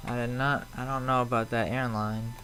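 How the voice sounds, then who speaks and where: A man's voice: medium pitch, flat delivery, moderate pace, pushed and bright, soft background music, poor audio. A man with a Chicago accent, chatting casually on a live flight-sim stream and answering viewers in a rambling, slightly defensive way. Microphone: streaming mic.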